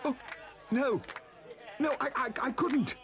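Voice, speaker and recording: A man's voice: very high voice, takes it slowly, fairly bright tone, exaggerated voice. An actor playing a shy, timid male mole who stammers nervously, in a 1980s stop-motion cartoon.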